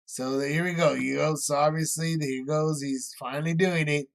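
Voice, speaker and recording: A man's voice: a little high, fairly even intonation, moderate pace, vocal fry. A man leading a casual Bible study, explaining scripture in everyday words with lots of fillers.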